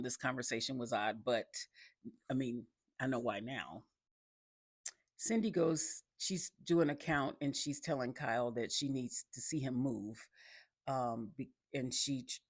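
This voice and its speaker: A TV recapper talks through an episode in a loose, rambling way, often doubling back to correct details and tossing asides to the listener. The voice sits at an ordinary middle pitch, and the recording is dry and close, with no room sound. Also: moderate pace, dry recording. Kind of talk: casual spoken recap.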